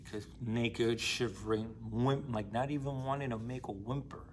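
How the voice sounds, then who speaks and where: A man's voice: medium pitch, steady tone, normal speed, a little hiss or hum. Young man, casual book vlogger, street-slang delivery, blunt and emphatic, swears freely. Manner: slangy, profane, emphatic storytelling. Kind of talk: casual retelling and commentary.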